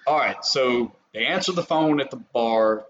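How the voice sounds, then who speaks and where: A man's voice: mid-range voice, moderate pace, a bit bright. A man hosting a podcast, prompting his co-host with questions and dry wisecracks. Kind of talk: casual chat. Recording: dull lo-fi recording, faint hiss.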